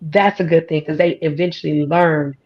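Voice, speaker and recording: A woman's voice: deep voice, steady tone, moderate pace, lo-fi sound. A woman with a country twang talking as a podcast guest, folksy and emphatic with a drawl. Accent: American country twang. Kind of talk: casual conversation. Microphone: studio or podcast mic.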